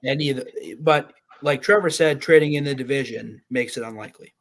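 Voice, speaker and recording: A male podcast co-host who moves the conversation along at a steady, measured pace. He drops folksy turns of phrase as he walks through the news. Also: medium pitch. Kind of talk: casual sports chat.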